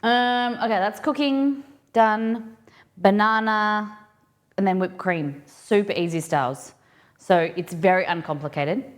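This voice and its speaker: A woman's voice: medium pitch, unhurried. A woman hosting a casual live cooking stream, chatting and thinking aloud with rambling asides as she works in a kitchen.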